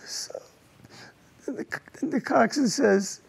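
An older man, a war veteran, telling his combat memories in an oral history interview, halting and repeating words as he goes. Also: very high-pitched, gravelly, slight background noise.

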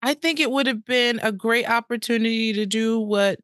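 A woman co-hosting a podcast in casual chat, animated and outspoken, quick to laugh. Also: fairly high pitch, no room sound, clean studio sound. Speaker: podcast co-host.

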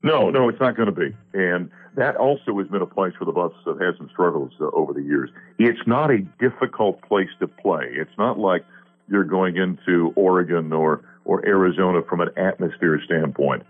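A man's voice: deep voice, animated, normal speed. A man broadcaster interviewed on sports radio, talking at length with many fillers. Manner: long-winded, rambling, with many fillers. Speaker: guest play-by-play broadcaster. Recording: phone line.

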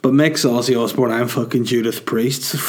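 A man's voice: mid-range voice, steady tone, normal speed, slight background noise. A man, getting over a cold, rambling through a sweary, self-mocking podcast monologue and laughing at his own jokes. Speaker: comedian hosting a podcast.

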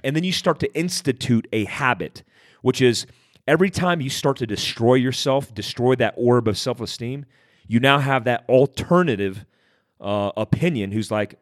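A man's voice: medium pitch, expressive, moderate pace, dry recording, clean studio sound. A man hosting a podcast, talking directly and conversationally about handling stress, repeating phrases for emphasis. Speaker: podcast host. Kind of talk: motivational talk.

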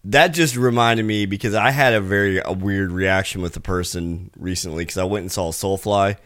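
A middle-aged man co-hosting a podcast, talking in a relaxed, halting way with many fillers. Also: sits low. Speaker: podcast co-host. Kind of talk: casual chat.

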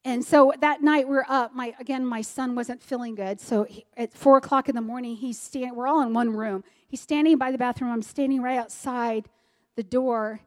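American woman, 40s, high voice, earnest testimony storyteller. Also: steady tone, normal speed, a little mellow, long reverb tail. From United States. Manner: earnest, vivid retelling that acts out dialogue. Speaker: speaker giving a personal testimony.

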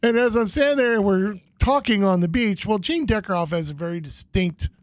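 Casual storyteller, man, high voice, dry close mic, animated anecdotes. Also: fairly quick, no echo.

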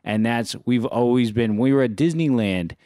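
A man talking in a casual chat, worked up and animated as he tells his stories. His voice is smooth and clear, and the mic is close and dry with no room sound. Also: mid-range voice, normal speed, no echo. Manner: animated, fired-up storyteller.

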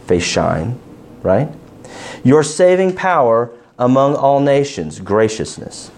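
A man leading an interactive Bible study, asking his class questions and stressing key words with animated emphasis. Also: medium pitch, slow, pauses often.

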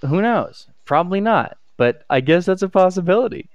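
Hesitant young man, smooth and dry. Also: high-pitched, lively intonation, no echo, highs cut off. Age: young adult. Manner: hesitant, halting, with many restarts. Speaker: student. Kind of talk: casual chat.

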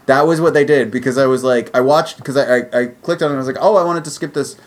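A young man co-hosting a casual chat, teasing the others and quick to laugh. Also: medium pitch. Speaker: podcast co-host.

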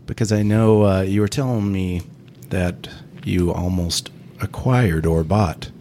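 A man hosts a relaxed interview with a very low, deep voice, mostly asking short, curious questions and saying brief yes-type replies. Faint background noise sits under his voice. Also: a little slow. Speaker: interviewer, podcast host. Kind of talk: casual interview.

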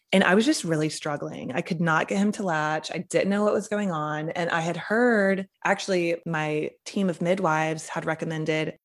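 Young woman, podcast guest, casual chatty storytelling, lots of "like", slightly low voice. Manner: chatty, heavy use of "like".

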